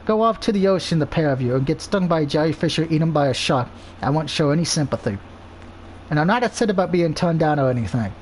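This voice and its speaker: A man's voice: fairly high pitch, expressive, quick pace, slight background noise, close to an everyday voice. A man reading the lines of a haughty, bossy succubus girl who snaps insults at everyone. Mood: sulky. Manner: scornful, snapping insults.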